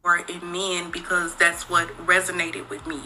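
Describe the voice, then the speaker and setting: A woman's voice: fairly low pitch, completely flat delivery, normal speed, sharp tone, slight background noise, poor audio. A woman and single mother speaking in a confessional social media video, candid and profane, talking straight to her viewers. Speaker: single mother, former dancer.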